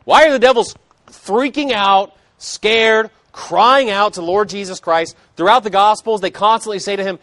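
A man's voice: high-pitched, normal speed, fairly bright tone, dry recording. A man preaching a sermon, emphatic, with casual conversational asides between scripture readings. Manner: emphatic, conversational asides, rising and falling intensity.

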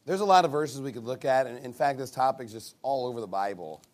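A male pastor preaching a sermon in an animated, emphatic way, with sarcastic asides. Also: mid-range voice, fast talker.

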